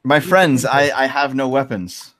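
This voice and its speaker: A man's voice: mid-range voice, animated, measured pace, a bit bright. A man playing a tabletop game, speaking in a mild, hesitant way with restarts. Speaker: player. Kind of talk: casual tabletop game chat.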